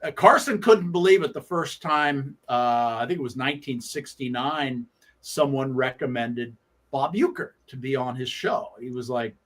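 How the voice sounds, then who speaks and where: A man, a guest sports writer, telling anecdotes on a sports talk radio show in an animated way, often restarting his sentences and acting out quoted lines. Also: mid-range voice. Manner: halting with frequent restarts.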